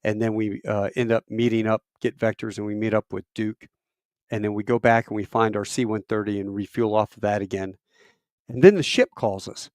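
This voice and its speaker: A middle-aged man, a military veteran, telling a long personal story in a casual, animated way, with self-deprecating asides and rambling fillers. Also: a little fast, dry recording, studio quality. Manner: animated, acts out quoted voices with big pitch jumps.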